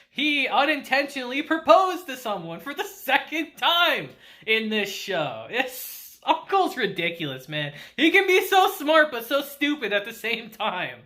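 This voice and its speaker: A woman casually recapping an anime episode, laughing often and acting out the characters. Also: high-pitched. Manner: laughs often while retelling; animated, acts out characters in quick asides. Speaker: anime reviewer.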